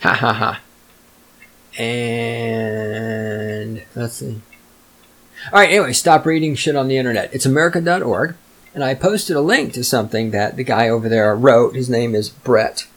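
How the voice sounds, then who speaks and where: A man rants alone into his podcast mic, swearing constantly and dripping with sarcasm. His voice sits at an ordinary middle pitch. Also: brisk. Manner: profane, sarcastic, ranting. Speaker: podcast host. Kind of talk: solo rant monologue.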